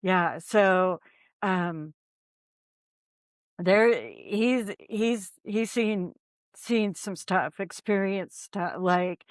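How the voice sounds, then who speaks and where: A woman's voice: medium pitch, drawn-out words, no echo, clean studio sound. Rambling woman telling ghost stories. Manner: rambling, lots of ums and likes. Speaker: paranormal investigator guest. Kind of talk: casual storytelling chat.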